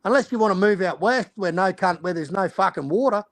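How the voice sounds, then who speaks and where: A man's voice: high-pitched, animated, brisk, dry recording. An Australian man ranting in casual chat, swearing heavily. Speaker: stream host.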